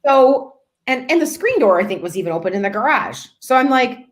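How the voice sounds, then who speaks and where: A woman's voice: sits high, brisk. A woman, a real estate agent, telling a funny work story on a podcast and acting out the people in it. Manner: animated, acts out voices in her anecdote. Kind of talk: casual storytelling.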